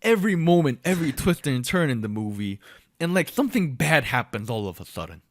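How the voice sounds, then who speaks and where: Animated young man telling a story. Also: fairly high pitch, brisk, dry recording, clean studio sound. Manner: animated, many fillers and restarts, acts out quotes. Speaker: podcast co-host. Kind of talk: casual storytelling chat.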